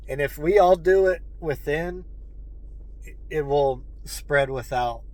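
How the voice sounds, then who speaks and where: On a rough recording, a host with a fairly high, slightly mellow voice talks slowly to his channel's viewers. He is earnest, calls them folks again and again, and sometimes his emotion chokes him up.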